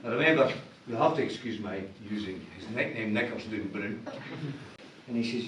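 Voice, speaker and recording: A man's voice: fairly low pitch, normal speed, fairly bright tone, slight background noise. An older man with a Scottish accent giving an after-dinner speech, telling jokes and switching voices for the punchlines. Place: large function hall. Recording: echoey hall from far off.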